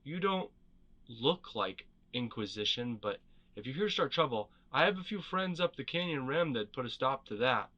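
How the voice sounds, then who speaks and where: A man's voice: mid-range voice, animated, normal speed, sharp tone, highs cut off. A man reading as a blunt veteran rebel leader. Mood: gruff. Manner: blunt, clipped and wry. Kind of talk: storybook character reading.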